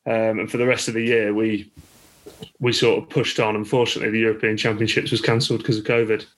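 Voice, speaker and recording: A man's voice: on the low side, flat delivery, fast, low-quality recording. A man with an English accent, a rugby coach telling stories as a guest in a casual podcast chat. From England. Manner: chatty, with many restarts and laughs. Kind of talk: casual interview storytelling.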